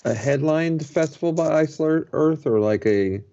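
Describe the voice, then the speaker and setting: A man's voice: on the high side, animated, moderate pace, mellow. A man co-hosting a podcast, chatting casually and asking his partner questions. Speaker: podcast co-host. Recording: dull lo-fi podcast audio.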